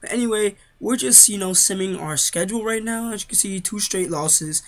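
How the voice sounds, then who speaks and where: A man's voice: high voice, a little fast, few pauses. A teenage boy with a nasal, congested voice, chatting casually over his basketball game footage as a gaming YouTuber. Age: teens. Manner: chatty, rambling, talks straight to viewers. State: congested from sinus trouble.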